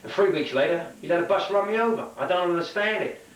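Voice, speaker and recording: A man's voice: high voice, animated, fast talker, reverberant, distant mic, voice pushed up, low-quality recording. Mary, an indignant woman as a man puts her on. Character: dead woman complaining at heaven's gates.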